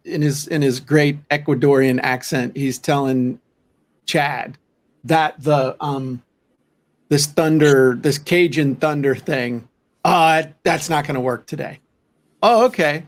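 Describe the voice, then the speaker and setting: A man co-hosting a casual talk show, telling stories in an animated, folksy way. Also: a little high. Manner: animated storyteller, folksy asides. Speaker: podcast co-host. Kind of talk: casual chat.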